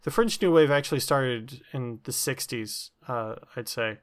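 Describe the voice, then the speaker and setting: A man's voice: medium pitch, measured pace. A man explaining something at length in a casual comic chat, with plenty of ums and restarts. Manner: rambling explanation with many fillers and restarts.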